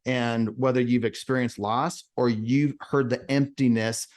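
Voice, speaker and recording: A man's voice: medium pitch, fairly even intonation, measured pace, darkish tone. A man hosting a podcast, speaking in an earnest, reflective way in casual conversation. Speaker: podcast host.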